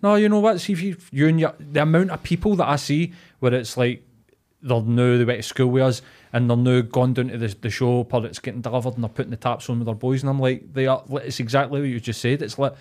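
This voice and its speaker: Scottish guy cohosting a podcast, mid-pitched voice, animated stories, lots of swearing. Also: fast talker. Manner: animated storyteller, swears, quotes others. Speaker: podcast co-host. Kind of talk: casual chat.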